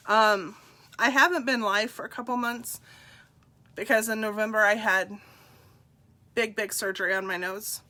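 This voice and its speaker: A middle-aged woman, congested, sharing a personal story on a live stream in a slow, heartfelt, confiding way and greeting viewers by name. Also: medium pitch, steady tone, bright, forceful tone.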